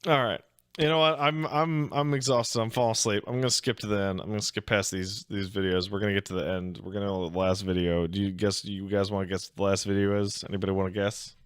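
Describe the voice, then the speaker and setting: A man hosting a casual reaction show, swearing freely, laughing loudly and rambling in asides. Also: fairly low pitch, fairly even intonation, quick pace, clean tone, no room sound, clean studio sound. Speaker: host reacting to videos.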